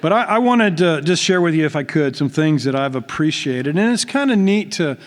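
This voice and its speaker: Folksy pastor in a reverberant church. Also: male voice, fairly high pitch, animated, moderate pace. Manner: folksy, chuckling, self-deprecating. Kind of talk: speech at a church retirement party. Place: church hall. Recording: long hall reverb.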